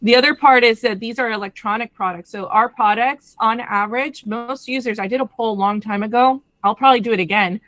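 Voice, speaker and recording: A woman brand representative explaining a product in a lively conversational way, often checking in with the listener. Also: fairly high pitch, fairly quick, few pauses, dry recording. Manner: animated, addresses listeners directly with frequent "okay?".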